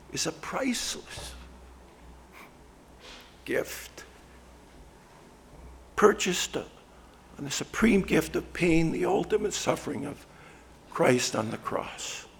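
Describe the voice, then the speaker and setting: Male pastor, gravelly voice, slow delivery, hushed lines rising to loud emphasis. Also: a little high, a little hiss or hum. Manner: preaching with swings from hushed to loud. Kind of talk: sermon.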